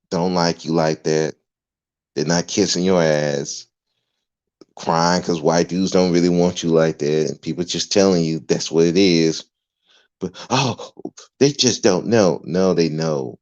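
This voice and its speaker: A man hosting a livestream, ranting emphatically and swearing freely. His voice sits very low, and the muffled lo-fi recording dulls its edges. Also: a little mellow, smooth. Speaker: podcast host. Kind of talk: livestream rant. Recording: dull lo-fi recording.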